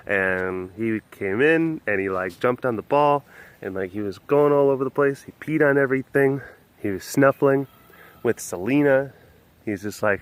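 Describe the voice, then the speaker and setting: A man's voice: medium pitch, lively intonation, measured pace, long pauses, a bit bright. A man hosting a casual walk-around webcast outdoors at an animal facility, rambling with lots of fillers and restarts. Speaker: vlog host.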